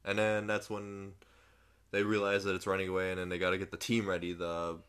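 A man in a casual chat, retelling a movie's plot step by step in a relaxed way. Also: sits low, fairly quick, clear, resonant tone.

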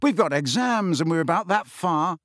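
A man voicing a blunt, excitable teenage schoolboy in an audiobook reading. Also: on the high side, moderate pace, no echo, studio quality, pitched above the performer's own voice.

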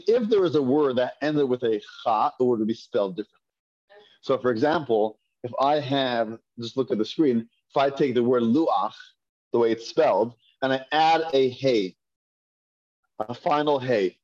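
A man at a middle pitch leads a Hebrew reading class. He patiently drills sounds over and over. The recording is dull and lo-fi. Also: lively intonation, normal speed, darkish tone. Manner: patient, repeats and drills pronunciations. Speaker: Hebrew teacher.

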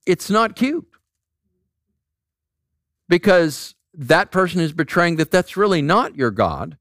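Male pastor, animated sermon delivery, dry close sound, tells stories and asks the room questions. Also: fairly high pitch, slow, no echo. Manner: conversational storytelling with rhetorical questions.

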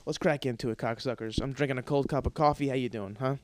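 Here a podcast host delivers a profane, grumbling comedic rant, often rambling and starting over. His medium-pitched voice stays steady at a quick pace, and the recording is dry.

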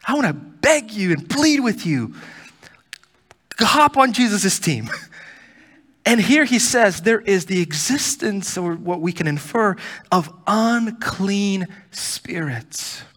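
Animated husky-voiced male pastor preaching. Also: high voice, slow pace. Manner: animated preaching, swinging from loud pleading to hushed near-whispers. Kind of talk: sermon. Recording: church hall reverb.

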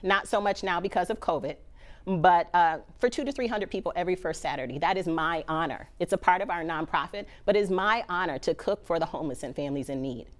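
A woman giving an energetic, emphatic motivational talk from a stage, calling on the audience to repeat after her. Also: fairly low pitch, brisk. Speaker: motivational speaker. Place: stage before a live audience.

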